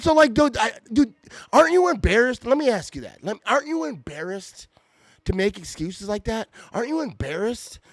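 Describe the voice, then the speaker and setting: At night from home, a podcast host delivers a heated sports fan rant into his podcast mic, fired up and irritated, stumbling over repeated restarts. His voice is very high-pitched with a fairly bright tone and no echo.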